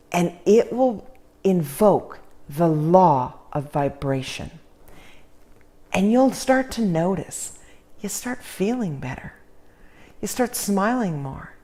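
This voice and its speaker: A woman's voice: mid-range voice, darkish tone. A woman teaching a casual self-help lesson, earnest and encouraging, with folksy asides. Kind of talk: informal motivational lesson.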